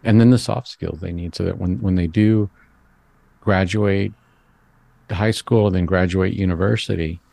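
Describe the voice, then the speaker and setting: A man with a very low, gravelly voice, talking as an interview guest. He sounds thoughtful and measured, pausing over his words. The sound is dry and close, with no room in it. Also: fairly even intonation, dark tone, no room sound. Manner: thoughtful, measured, self-deprecating. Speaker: psychologist guest. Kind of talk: conversational interview.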